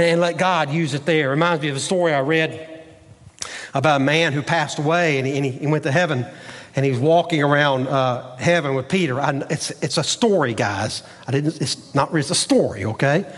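A man's voice: fairly high pitch, long reverb tail. A man preaching a sermon as pastor, with an emphatic, repetitive preaching cadence, recorded in a church sanctuary.

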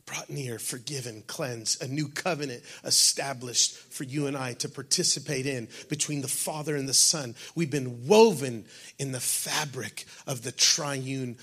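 A male pastor preaching a sermon, swinging from shouted passages to hushed, breathy tones. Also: medium pitch, a little slow.

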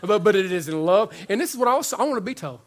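A male pastor with a high voice delivers a conversational sermon. He jokes with the room and repeats words as he builds to his points. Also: racing. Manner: conversational, joking, repeats words when excited.

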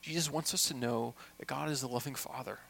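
A man preaching a sermon as a pastor, with impassioned delivery that swings from hushed asides to loud, urgent appeals. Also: mid-range voice, a little fast, creaky, slight background noise.

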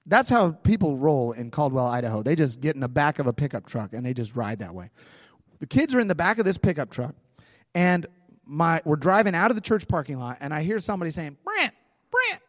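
A pastor telling a personal story in a sermon, conversational and animated, in a large church hall. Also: male voice, on the high side, fairly quick, clean studio sound.

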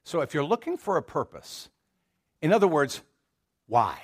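A male pastor with a drawl preaches to his congregation in a casual, storytelling manner, trailing off into asides and restarting his sentences. His voice sits a little high for a man. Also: sing-song, normal speed, slightly rough. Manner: folksy and conversational, with many restarts and asides. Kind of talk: sermon. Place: church sanctuary.

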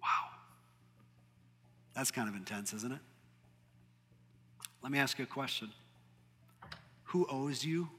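Bright-voiced male preacher in a reverberant hall. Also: mid-range voice, measured pace, pauses often. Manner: dynamic preaching, swings from loud to hushed. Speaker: pastor. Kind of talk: sermon.

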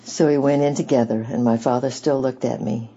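A man giving steady storybook narration as an audiobook reader. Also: mid-range voice, fairly quick, breathy edge. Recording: dull lo-fi recording.

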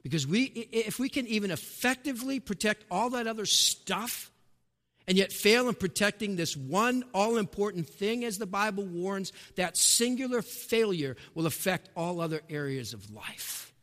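A man preaching a sermon, emphatic, with rhetorical questions, rising to shouts and dropping to a hush, in a church sanctuary. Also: high-pitched, expressive, moderate pace. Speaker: pastor. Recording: long reverb of a large hall.

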